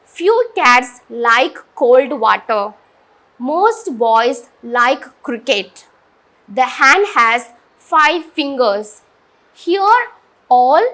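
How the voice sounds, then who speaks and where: Young woman teacher from India, lively high voice, explaining grammar step by step. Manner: slow, deliberate, asks and answers own questions. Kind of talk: grammar lesson.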